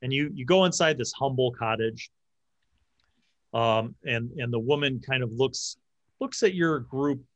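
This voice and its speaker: Male GM, halting narration, dry close sound. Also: medium pitch, no room sound. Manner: halting, frequent restarts. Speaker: game master. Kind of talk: narrating a tabletop game.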